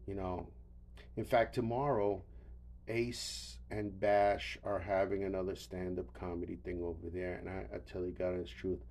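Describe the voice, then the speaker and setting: A man's voice: deep voice, flat delivery, moderate pace, darkish tone. An older man hosting a solo podcast, rambling wearily with profanity and stammered restarts, tired and yawning. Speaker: podcast host.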